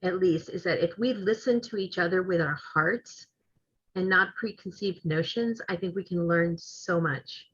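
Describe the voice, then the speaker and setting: A woman host with a low, husky voice wraps up a webinar and makes announcements, dropping in frequent "um"s. The video-call audio sounds muffled and dull. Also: normal speed, fairly bright tone. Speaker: host of a speaker series.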